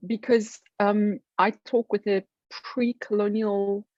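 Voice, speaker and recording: A woman's voice: mid-range voice, little pitch movement, slow, darkish tone, dry recording, lo-fi sound. A woman with an older-style South African accent, chatting at a networking meeting on a video call and often repeating words as she starts. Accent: older British-style South African. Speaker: branding firm member.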